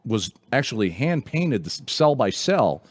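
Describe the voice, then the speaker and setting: A man hosting a call-in radio show, explaining things in quick, rushed bursts. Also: mid-range voice, sing-song, no room sound. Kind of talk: casual radio chat.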